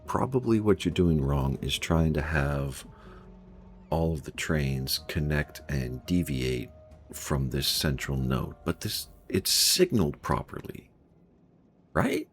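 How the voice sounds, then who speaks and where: A man's voice: very deep voice, animated, slow pace, a little hiss or hum. A young man streaming a game, thinking aloud and puzzling over what went wrong, chuckling to himself at a desk microphone. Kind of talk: casual gameplay commentary.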